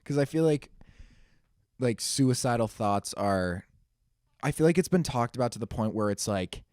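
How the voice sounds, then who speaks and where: A young man speaking candidly and haltingly as a podcast guest, leaning on the word "like". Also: medium pitch, animated, a little mellow, no room sound, clean studio sound. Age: young adult. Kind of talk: casual conversation.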